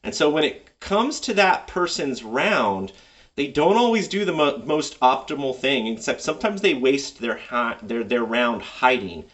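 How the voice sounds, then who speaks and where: A man giving casual, enthusiastic advice as a tabletop game master, rambling a little as he thinks out loud. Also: mid-range voice, lively intonation, measured pace, recorded from a distance.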